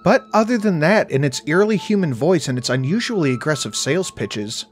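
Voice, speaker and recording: A man narrates a first-person horror story in a dry, wry manner. His voice sits fairly high, and his intonation rises and falls a lot. Faint music plays under him. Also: expressive, fairly quick.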